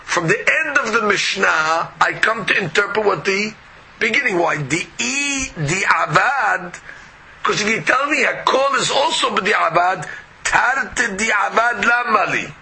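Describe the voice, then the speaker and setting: A man's voice: high voice, animated, a little slow, vocal fry, sharp tone, husky, low-quality recording. A man teaching a Talmud class, arguing both sides with rhetorical questions.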